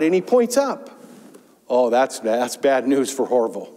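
A man preaching a sermon as pastor, telling a parable with lively emphasis. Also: mid-range voice, a little slow. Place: church sanctuary. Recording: long church reverb.

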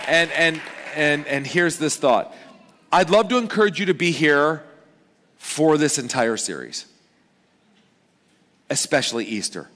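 A man in his thirties preaching a sermon as pastor, chatty and joking, with lively swings in pitch and loudness. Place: large church auditorium. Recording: long hall reverb.

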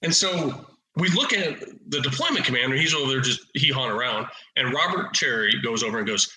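A man in his forties from Oregon, a podcast guest and retired officer, telling lively anecdotes in a casual, blunt, salty way. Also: medium pitch, brisk, few pauses, reverberant, low-quality recording. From Oregon, USA. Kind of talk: casual storytelling.

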